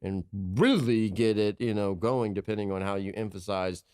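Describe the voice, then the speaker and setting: A man's voice: on the low side, normal speed, a little mellow, clean tone, no echo, studio quality. Plainspoken man coaching on sales. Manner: plainspoken, repeats key points, coaching tone. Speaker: sales coach, podcast host. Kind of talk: casual podcast chat.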